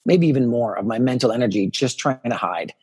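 A man in his fifties, a podcast guest telling personal stories in a lively way and acting out what people said to him. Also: mid-range voice, a little fast, breathy edge. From Canada. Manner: animated storyteller, acts out quoted dialogue. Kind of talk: personal storytelling in a podcast interview.

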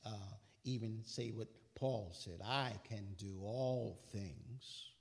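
A man's voice: fairly low pitch, takes it slowly, gravelly. A man preaching a sermon, quoting scripture with rising, emphatic bursts and casual asides.

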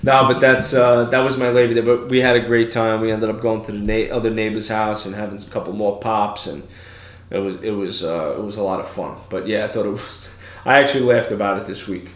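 A man's voice: on the low side, fairly even intonation, fairly quick. New York man telling stories, echoey room. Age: 30s. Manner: loose storyteller, swears freely. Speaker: podcast host. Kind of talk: casual chat.

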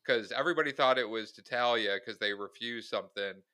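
Man with a bright mid-pitched voice. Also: a little fast. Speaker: podcast co-host. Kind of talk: casual movie review chat.

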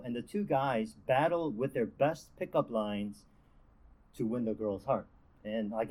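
A man's voice: mid-range voice, a little mellow, low-quality recording. A young man giving a casual devotional talk as a campus ministry speaker, chatty and full of fillers and restarts. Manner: conversational, lots of fillers and restarts.

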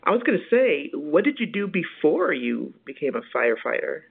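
A man hosting a casual interview in a relaxed, friendly way that sounds like a conversation. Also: a little high, normal speed, creaky, husky, narrow, tinny audio. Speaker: interviewer, host.

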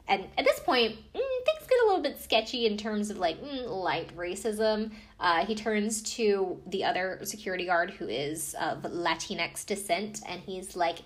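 A woman's voice: medium pitch, animated, unhurried, hardly any pauses, fairly bright tone. A woman hosting a podcast, recapping a TV show in a casual, rambling way full of fillers and asides. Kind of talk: casual chat.

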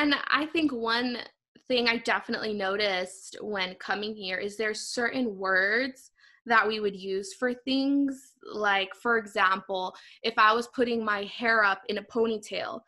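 A young college woman chatting casually and telling her stories in a thoughtful, relaxed way. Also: on the high side. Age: young adult. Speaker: college student. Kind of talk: casual chat.

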